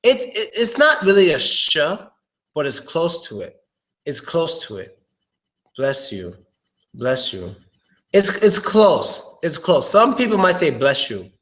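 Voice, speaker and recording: A man giving a casual live-streamed pronunciation lesson. He repeats words slowly and curses offhandedly. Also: a little high, big pitch swings, pushed and bright. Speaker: English pronunciation tutor.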